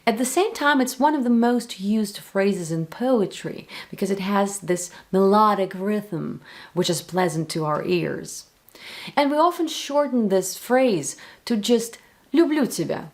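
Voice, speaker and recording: A woman with a Russian accent, a native Russian speaker, teaching the language to viewers slowly and clearly, with playful spoken examples. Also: mid-range voice, expressive. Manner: slow, clear, playful demonstrations. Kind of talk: explaining to viewers.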